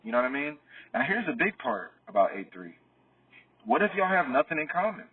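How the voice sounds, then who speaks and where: A man's voice: fairly high pitch, big pitch swings, brisk, husky, no room sound, far from the mic, narrow, tinny audio. A man coaching on dating in a loose, rambling talk, full of "you know what I mean" and acting out both sides of sample dialogues. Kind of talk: casual explanatory talk.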